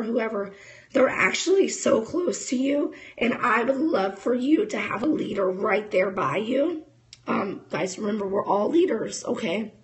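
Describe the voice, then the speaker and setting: Thirties woman pep-talking her team on camera, slightly high voice, lots of vocal fry. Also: poor audio. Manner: chatty, fired-up, addresses viewers as guys. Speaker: network marketing distributor. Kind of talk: casual motivational talk to camera.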